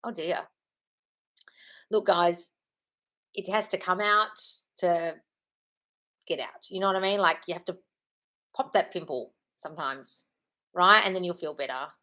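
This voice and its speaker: A woman's voice: fairly low pitch, measured pace, pauses often, pushed and bright. A woman manifestation coach on a live stream, answering viewer questions bluntly, swearing casually and calling people darling.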